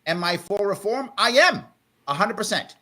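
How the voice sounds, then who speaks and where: A man hosting a live panel talk show by video call, calmly but firmly trying to settle a heated guest. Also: sits high, moderate pace. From South Bronx, New York. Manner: firm, tries to calm a heated guest. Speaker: host.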